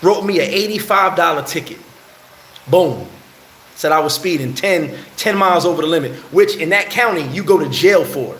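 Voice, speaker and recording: His voice is fairly high and his speed normal as this New York man recounts a heated story on a casual live stream, fielding chat from a bar in the Dominican Republic. He's an animated storyteller who acts out quotes. The room is echoey and the audio poor.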